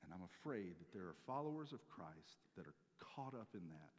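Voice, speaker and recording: Animated preaching man in a reverberant hall. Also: sits low, normal speed. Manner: animated, swings between loud emphatic peaks and quiet asides. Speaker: pastor. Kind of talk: sermon.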